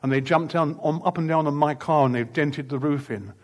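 An older man telling a story in a sermon, shifting between quiet asides and loud, laughing outbursts. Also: on the high side, fairly quick. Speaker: preacher.

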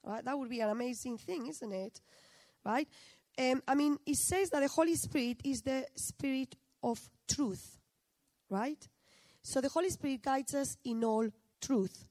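A middle-aged woman with a fairly high voice gives a sermon, talking with her listeners as if in conversation and asking them questions over and over. The sound is dry and close, with no room echo. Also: unhurried, a little mellow. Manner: conversational, asks the audience questions often. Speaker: preacher.

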